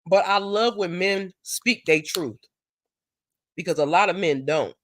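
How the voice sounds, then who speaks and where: A woman hosting a casual live stream, chatting and telling stories, acting out what people said in a higher voice. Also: measured pace, no room sound, studio quality. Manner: animated storyteller who acts out quotes in a higher voice.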